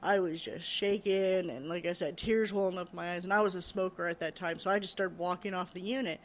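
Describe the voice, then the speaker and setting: A woman recounting a frightening experience from her care work, halting, repeating words and laughing nervously. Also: fairly low pitch, steady tone. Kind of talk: personal storytelling.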